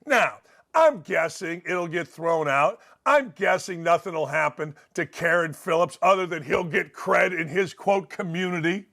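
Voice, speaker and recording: A man with a fairly high voice rants as a sports talk host. He is blunt and heated, with profane jabs. He speaks in a hard, opinionated monologue. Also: unhurried, bright, forceful tone. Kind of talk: opinion rant.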